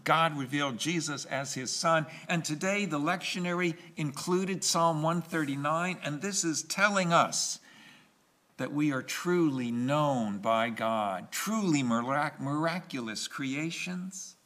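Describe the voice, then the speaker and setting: A male pastor preaching a sermon in a slow, emphatic way, pausing and repeating key phrases. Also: fairly high pitch, pushed and bright.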